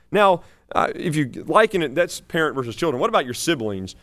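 Man, pastor mid-sermon, fairly high voice, rises and drops between preaching and storytelling. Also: sing-song, fairly quick, fairly bright tone. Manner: swings from soaring preaching to low chatty storytelling.

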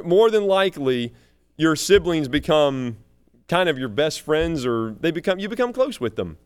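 A man, preaching a sermon that moves between soaring exhortation and low, chatty family stories. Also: clear, resonant tone. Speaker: pastor.

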